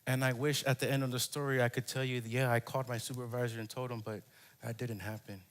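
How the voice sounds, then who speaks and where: A man's voice: medium pitch, flat delivery, fast. A man preaching a sermon, telling a personal story and acting out his own cries and prayers. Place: church.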